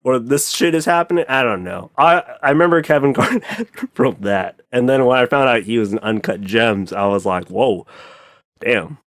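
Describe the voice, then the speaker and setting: A man's voice: medium pitch, moderate pace, few pauses, dry recording, clean studio sound. A man in casual podcast chat, rambling and swearing freely, with lots of filler words. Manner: animated, profane, rambling with many "like" fillers.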